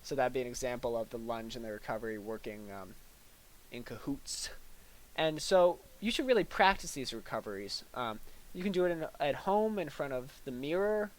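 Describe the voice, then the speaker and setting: A young man giving a deadpan parody lecture, halting and full of fillers, with mock-serious delivery and little acted-out asides. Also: medium pitch, rough recording.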